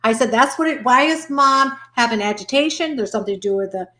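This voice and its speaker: Higher-voiced woman analyzing behavior, echoey room. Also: quick pace, sharp tone. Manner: explanatory, methodical. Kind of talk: analytical panel discussion.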